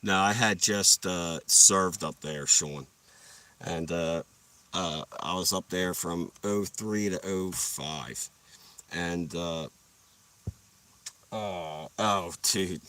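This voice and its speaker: A man's voice: low-pitched, drawn-out words, sharp tone, distant mic. A young man telling rambling, profane stories while sitting in his parked car, laughing at his own jokes. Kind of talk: casual storytelling livestream.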